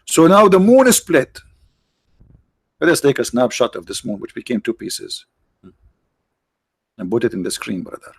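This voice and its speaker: A man hosting a live stream with mocking, sarcastic commentary and rhetorical questions, his voice tired, clearing his throat now and then. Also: medium pitch, very animated, normal speed, long pauses, no echo. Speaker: online show host.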